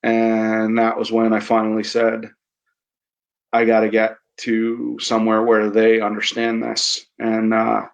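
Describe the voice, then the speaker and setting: A man, an army veteran guest on a podcast, speaking candidly and haltingly, often restarting his sentences. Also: on the low side, monotone, gravelly. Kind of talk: candid interview conversation.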